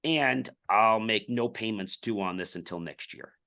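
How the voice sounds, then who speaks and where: A man's voice: on the low side, a little slow, gravelly, pushed and bright. A middle-aged man, a podcast guest, telling a business story in casual interview talk and acting out the dialogue.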